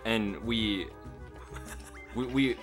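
A man's voice: on the low side, fairly even intonation, drawn-out words, fairly bright tone. A man chatting casually while playing a video game, swearing and running himself down. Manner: self-deprecating, swearing. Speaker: let's play commentator. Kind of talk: casual gaming chat. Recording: background game music.

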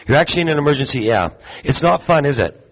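A man giving a live sermon to a congregation, talking conversationally, putting questions to the room and filling pauses with ums. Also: on the high side, animated, poor audio. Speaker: teacher at a congregation gathering. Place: gathering hall with audience.

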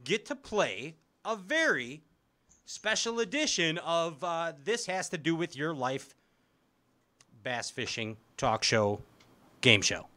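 A man hosting a talk show, running a joking quiz game with lively, laughing delivery. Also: a little high, slow pace.

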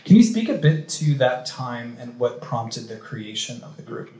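A man's voice: medium pitch, big pitch swings, normal speed, warm tone. A man moderates a panel in a casual, hedging way, filling his questions with 'like'. His voice sits in the middle range, and the hall around him is echoey. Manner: casual, lots of 'like' fillers. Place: cultural institute event hall.

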